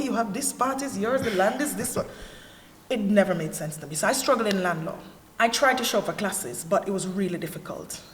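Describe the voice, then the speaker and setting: A woman's voice: mid-range voice, slight background noise. Woman, Jamaican accent, candid testimony, long hall reverb, faint ambience. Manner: earnest storyteller, candid and animated. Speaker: panelist. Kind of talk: personal testimony in a panel talk. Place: church hall.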